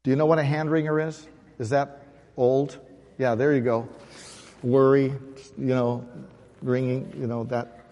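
Pastor preaching in a reverberant church hall. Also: male voice, mid-range voice, little pitch movement, measured pace, long pauses, darkish tone, dull audio. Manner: conversational, asks the congregation questions. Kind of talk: sermon. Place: church sanctuary.

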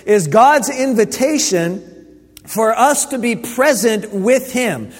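A man's voice: extremely high pitch, lively intonation, slow pace. Pastor guy chatting his way thru a sermon, lots of restarts, big echoey church hall. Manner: conversational storytelling, many restarts. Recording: long hall reverb.

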